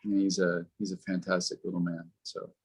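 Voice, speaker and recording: A man, a podcast co-host telling stories in a relaxed, casual way and swearing freely. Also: sits low, a little fast, a little hiss or hum. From Los Angeles, United States. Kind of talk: casual conversation.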